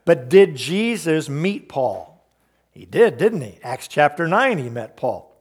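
A man's voice: on the high side, very animated, takes it slowly, slightly rough. A man preaching a sermon, emphatic, asking the congregation rhetorical questions and explaining verses. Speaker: pastor.

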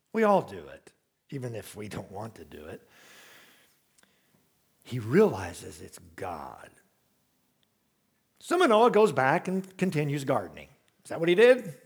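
A man preaching a sermon in a conversational, humorous storytelling way, full of asides and questions to the congregation. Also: on the high side.

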